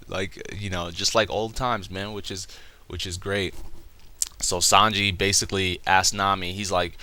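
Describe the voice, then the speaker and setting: A young man ambles through a casual comic review, swearing freely as he goes. His voice sits a little low but comes across bright and crisp. He tells the story in a loose, rambling way. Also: level tone, normal speed. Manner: rambling, profane, laughing retelling. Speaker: manga reviewer.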